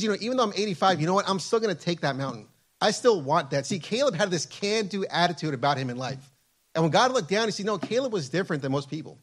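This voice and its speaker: Casting: male preacher, fairly high voice, fervent sermon delivery with repeated phrases. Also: fairly bright tone.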